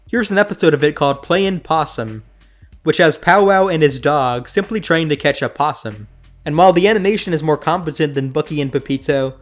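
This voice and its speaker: A young man hosting a sarcastic review of old cartoons. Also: a little high. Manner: sarcastic, mocking. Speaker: host.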